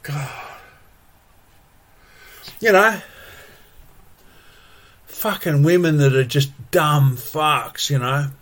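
A man's voice: on the high side, a little slow, few pauses, a bit bright. A man ranting angrily and profanely, full of exasperated repetitions. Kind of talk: angry solo rant.

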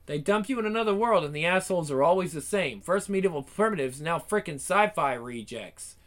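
A man's voice: fairly high pitch, expressive, brisk. A man voicing a brash wisecracking hero. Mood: sarcastic. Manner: brash, sarcastic one-liners and battle yells. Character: wisecracking cocky male hero, adult. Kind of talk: one-man fan dub of a game.

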